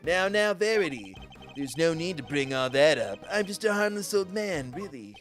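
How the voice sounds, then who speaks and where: A man's voice: a little high, big pitch swings, normal speed, fairly bright tone, soft background music. Man voicing a doting sentimental old chairman. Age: older. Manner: wistful, grandfatherly, drawn out.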